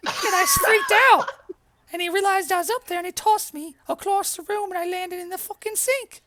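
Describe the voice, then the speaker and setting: Brief: a woman playing a high, shouty halfling innkeeper, swearing freely, wild lilting voice. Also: very animated, normal speed, noisy background. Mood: furious rant. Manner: loud, profane, high and shouty. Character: excitable foul-mouthed male halfling innkeeper.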